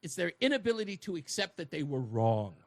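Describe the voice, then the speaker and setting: Brief: male radio host, high voice, quick jokey studio banter. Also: creaky. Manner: animated, joking banter. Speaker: radio talk show host. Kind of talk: talk radio chat.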